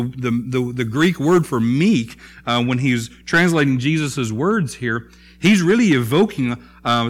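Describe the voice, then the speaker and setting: A man preaching a sermon in a conversational way, often pausing with fillers and restarting his phrases. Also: medium pitch. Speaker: pastor.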